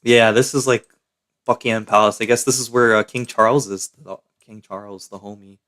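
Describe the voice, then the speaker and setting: A man's voice: lowish voice, steady tone, moderate pace, a bit bright. A young man from Canada, chatting casually and slangily to his live-stream chat.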